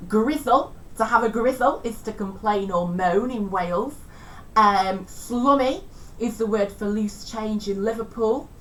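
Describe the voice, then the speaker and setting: Woman teacher, chatty revision lesson, a little far from the mic, faint rumble behind. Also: unhurried. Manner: chatty, self-deprecating, tries out regional accents.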